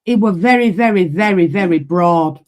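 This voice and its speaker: A woman's voice: on the low side, normal speed, slight background noise. A woman from Yorkshire with a Yorkshire accent, co-hosting a true crime chat in a plain-spoken, questioning way. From Yorkshire, England. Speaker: podcast co-host. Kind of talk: casual chat.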